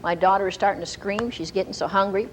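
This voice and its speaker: A woman Bible teacher giving a storytelling sermon in an animated way and laughing often. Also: medium pitch, fast, slight background noise, poor audio.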